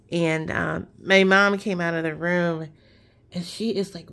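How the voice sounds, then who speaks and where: A woman chatting casually while she crafts, relaxed and rambling with many fillers. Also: on the low side, measured pace, vocal fry. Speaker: craft vlogger.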